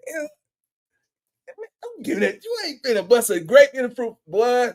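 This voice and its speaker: A man hosting a reaction video, loudly teasing and exclaiming in slangy casual commentary. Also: extremely high pitch, moderate pace. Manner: excitable, teasing, loud exclamations and laughter; repeats slangy tags like "boy" and "bro".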